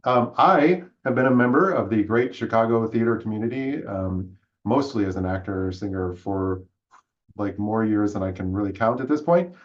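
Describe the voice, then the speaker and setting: A man hosting a live-streamed theater talk show, speaking in a friendly, halting way with many fillers. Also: on the low side, muffled recording. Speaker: host.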